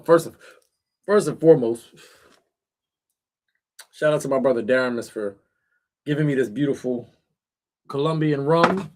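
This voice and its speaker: Laid-back man streaming from a shed. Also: mid-range voice. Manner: laid-back, talks straight to viewers with slang and fillers. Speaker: livestream host. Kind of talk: casual livestream chat. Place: backyard shed in the cold.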